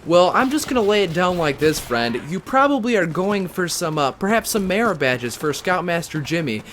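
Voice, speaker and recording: A man's voice: sits high, very animated, normal speed, a bit bright, slight background noise. A man trolling in in-game voice chat, goofy, mock-polite and condescending. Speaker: online gamer trolling in voice chat.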